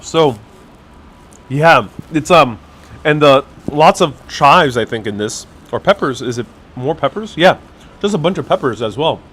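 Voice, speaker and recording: Tasting food at a cafe in the city, this live-stream vlogger chats to his viewers through a wireless clip-on mic, thinking out loud and full of fillers and restarts. He sounds a little high, animated and a little slow, with a fairly bright tone and a breathy edge.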